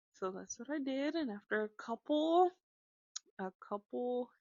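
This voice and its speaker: A woman telling a casual story about her kids, animated, dropping into hushed whispers now and then. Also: on the high side, no echo. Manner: animated, drops to hushed whispers when acting out shushing. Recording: slightly dull lo-fi sound.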